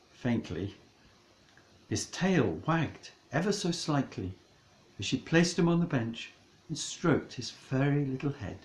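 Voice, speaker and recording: Slow, mock-dramatic male storyteller. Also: medium pitch, echoey room, low-quality recording. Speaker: narrator. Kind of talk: comic audiobook narration.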